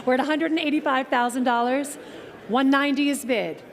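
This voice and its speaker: A woman auctioneer with a high, bright voice, calling bids in quick rhythmic patter. She jokes and teases the room between numbers. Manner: brisk, playful patter with the bidders. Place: auction tent at an outdoor car show.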